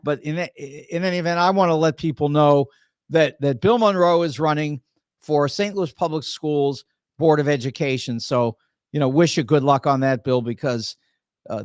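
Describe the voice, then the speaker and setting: An older American man hosts a political talk show in a fairly high voice. He sounds indignant and sarcastic, stumbling and repeating words as he restarts thoughts. The recording is dry and close. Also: smooth, dry recording. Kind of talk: political commentary monologue.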